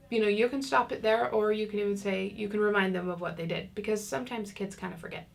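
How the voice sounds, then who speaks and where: Chatty woman with a creaky voice. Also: medium pitch. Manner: chatty, many fillers, acts out kids' lines. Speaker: parenting class teacher. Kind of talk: casual online lesson.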